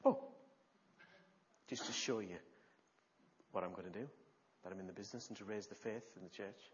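A preacher delivering an animated sermon, retelling stories with gasps and shifts in loudness. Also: male voice, on the low side, moderate pace, lo-fi sound, a little hiss or hum.

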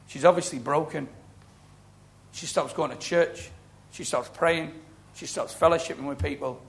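A middle-aged man delivers a sermon as a storyteller, his voice gravelly and pitched a little high for a man. He acts out the people in his stories as he goes. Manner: storytelling, animated, acting out quoted voices. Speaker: preacher. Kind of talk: sermon with testimony.

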